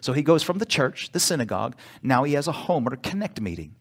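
A male pastor preaching a sermon in church, emphatic, pausing for call-and-response asides. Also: mid-range voice, sing-song, breathy edge.

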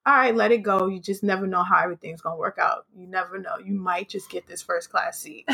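Podcast host, woman, bright tone, animated storyteller, salty language. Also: medium pitch, brisk, vocal fry, breathy edge. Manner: animated, swearing, acts out quotes. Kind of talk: casual storytelling chat.

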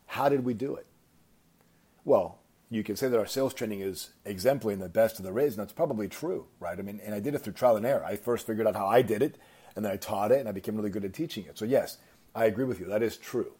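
A man, a company founder, telling a motivational story with emphatic, animated delivery and frequent repetition. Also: fairly low pitch, quick pace, slightly rough.

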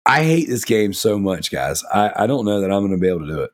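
A man chats loosely on a gaming podcast, his voice sitting a little low. He rambles with plenty of fillers and gets enthusiastic as he talks. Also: very animated, fast. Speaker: podcast co-host. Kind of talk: casual gaming podcast chat.

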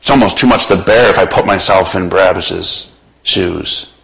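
A man preaching a sermon, slowly and dramatically retelling a scripture scene and putting the listener in it. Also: sits low, vocal fry, a bit bright, low-quality recording.

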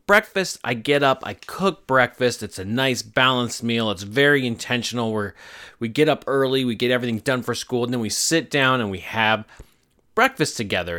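A man in his thirties hosts his own podcast, chatting casually and telling family stories. His voice sits at an ordinary middle pitch. He talks in a playful, animated way and slips into little voices when he quotes people. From Arizona, USA. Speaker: podcast host. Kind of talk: casual storytelling monologue.

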